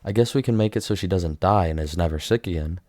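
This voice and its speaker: A stoic male necromancer explaining things plainly and calmly, read by a male storyteller. The voice stays low and mellow, with a dry close sound. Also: fast talker, no echo. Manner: calm, matter-of-fact.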